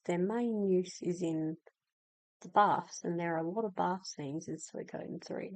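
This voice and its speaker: A woman's voice: on the low side, darkish tone, no room sound, poor audio. A woman hosting a casual, chatty video about game lore, explaining things and reading in-game texts aloud. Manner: chatty, explanatory, with fillers and asides. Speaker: host.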